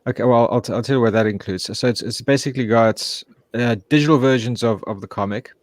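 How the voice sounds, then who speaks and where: A comic creator talks in a flat, monotone voice and keeps stopping to find his words. The sound is dry and close, with no room echo around the man. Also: mid-range voice. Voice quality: self-described monotone voice. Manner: halting, searching for words. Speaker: comic book creator guest. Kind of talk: casual chat.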